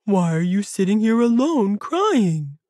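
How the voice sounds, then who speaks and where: A woman voicing a kind, gentle male bear who talks in a calm, reassuring way, in a children's audiobook. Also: medium pitch, dry recording, clean studio sound. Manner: warm, calming, slow and reassuring.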